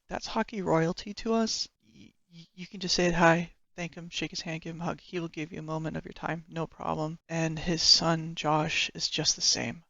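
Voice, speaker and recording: A woman's voice: on the low side, vocal fry, fairly bright tone, no echo, highs cut off. A woman who is a hockey fan vlogger, chatting enthusiastically and a bit rambly about players, often correcting herself. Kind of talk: casual fan commentary.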